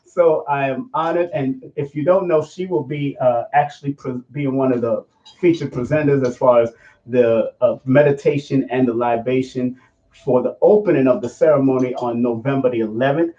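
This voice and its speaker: A man hosting an interview show, talking casually and repeating details slowly for listeners. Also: medium pitch, fairly even intonation, mellow, echoey room. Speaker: show host. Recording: muffled lo-fi recording.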